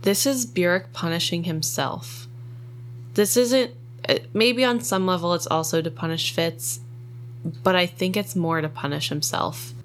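A woman's voice: on the low side, unhurried, a little hiss or hum. A woman co-hosting a casual book discussion, chatty and emotional, with frequent likes and ums. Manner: chatty, filler-heavy, emotional. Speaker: podcast co-host.

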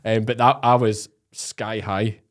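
A man with a Scottish accent, hosting a casual interview and telling animated stories full of fillers. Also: fairly low pitch. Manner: fast, animated storytelling with many fillers. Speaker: podcast host.

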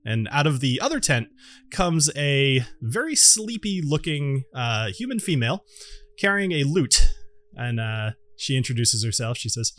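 Guy dming a tabletop game, lively and bright, lots of uhs. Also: mid-range voice, measured pace. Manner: animated, with many fillers. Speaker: game master.

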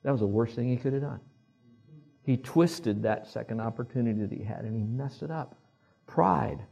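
Husky-voiced male preacher. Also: medium pitch, moderate pace, mellow, dull audio. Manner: conversational preaching with audience call-and-response. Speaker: pastor. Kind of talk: sermon.

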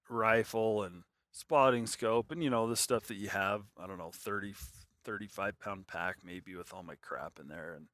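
A man's voice: fairly low pitch, fairly bright tone, no echo, clean studio sound. A man telling a long hunting story in casual, rambling talk, full of fillers and restarts.

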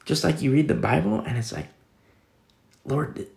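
A man's voice: fairly high pitch, lively intonation, moderate pace, vocal fry, darkish tone, roomy sound. A man preaching a sermon in a casual, conversational way, reading scripture and explaining it with everyday fillers. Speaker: pastor.

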